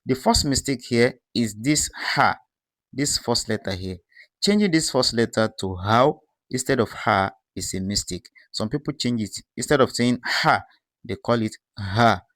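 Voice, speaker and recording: A man teaching pronunciation, calmly explaining and posing rhetorical questions as he contrasts correct and incorrect forms. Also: mid-range voice, moderate pace, dry recording, studio quality. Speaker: Quran recitation teacher. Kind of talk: explanatory lesson with recited examples.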